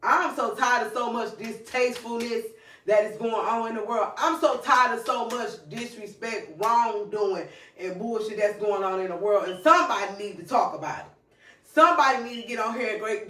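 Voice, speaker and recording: A woman's voice: mid-range voice, fairly bright tone. A woman hosting her own podcast solo, talking passionately in repeated, preachy bursts. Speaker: podcast host. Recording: echoey room, distant mic.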